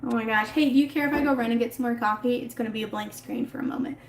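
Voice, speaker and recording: Racing along in a slightly high voice, a woman chats casually on a livestream through her phone, reading out viewer comments and responding in a rambling way with frequent laughter. The sound is reverberant, with a little hiss or hum.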